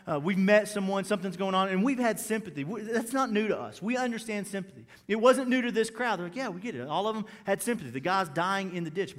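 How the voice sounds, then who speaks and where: A man's voice: high voice, fairly bright tone. A man preaching a sermon as pastor, talking conversationally, repeating key phrases and asking the room questions. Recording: reverberant hall recording.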